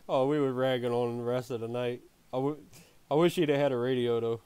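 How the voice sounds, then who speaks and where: A man's voice: medium pitch, steady tone, a little fast, darkish tone, clean tone, no room sound. A man streaming, telling a story in a casual way, laughing often and swearing freely.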